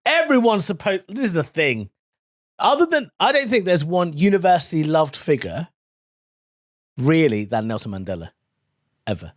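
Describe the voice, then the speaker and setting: Expressive male podcast co-host, bantering. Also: fairly high pitch, dry recording, clean studio sound. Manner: bantering, quick questions, swears casually. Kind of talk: casual comedic chat.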